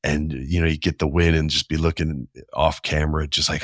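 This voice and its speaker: A man in his forties hosting a podcast, talking casually and with enthusiasm, and often slipping into quick voiced asides. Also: very deep voice, little pitch movement, dry recording, clean studio sound. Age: 40s. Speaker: podcast host. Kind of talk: casual solo commentary.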